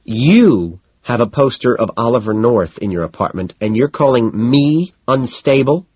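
A man's voice: mid-range voice, expressive, unhurried, darkish tone, slightly rough, no room sound, voice pushed up. A man reading aloud and voicing a petulant, dismissive young socialite woman in a storybook, heard on a slightly dull recording. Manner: dismissive and indignant.

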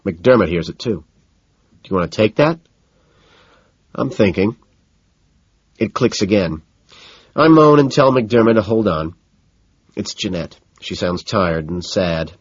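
A man narrating an audiobook in the first person, low-key and dejected. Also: lively intonation, measured pace, long pauses, breathy edge, dry recording. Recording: dull lo-fi sound.

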